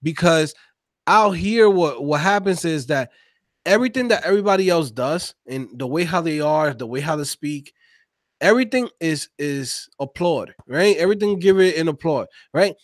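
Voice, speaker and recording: A man co-hosting a casual podcast conversation, talking in an animated, slangy, emphatic way. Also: on the high side, normal speed, no echo, clean studio sound. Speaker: podcast co-host.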